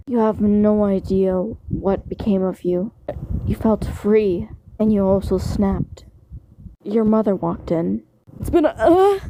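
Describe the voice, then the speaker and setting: A woman reading a second-person fan fiction story aloud to the listener in a plain, steady way. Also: medium pitch, slight background noise, low-quality recording.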